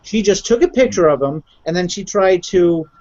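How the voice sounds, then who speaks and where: A man with a high voice talks bluntly and often cuts in to clarify, swearing as he goes. The sound is dull and lo-fi, like an online call. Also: expressive, normal speed, a little mellow. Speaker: podcast co-host. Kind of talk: casual discussion.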